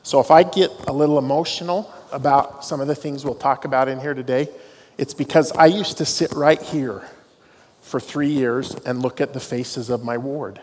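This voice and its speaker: A man's voice: medium pitch, moderate pace, a little mellow. A middle-aged man, a dean of students, giving a devotional talk to students with storytelling and self-deprecating humor. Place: large hall on a university campus. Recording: long hall reverb, faint noise.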